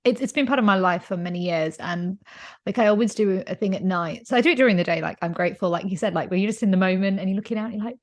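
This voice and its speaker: A woman's voice: mid-range voice, rapid-fire. A woman hosting a podcast who tells personal stories in a casual, chatty way, full of fillers and restarts. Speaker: podcast host. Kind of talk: casual conversational storytelling.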